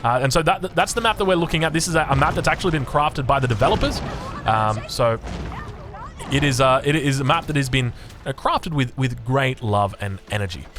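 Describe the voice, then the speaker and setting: Fast-talking Australian game caster. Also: male voice, medium pitch. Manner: excitable, rambling, with chatty asides. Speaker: game commentator. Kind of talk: casual live strategy game commentary.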